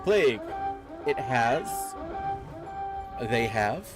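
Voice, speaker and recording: A man's voice: mid-range voice, very animated, extremely slow. A young man streaming a game from home, chatting casually with viewers in loose, rambling talk full of fillers, speaking into a desk microphone. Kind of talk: casual live-stream chat. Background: game music.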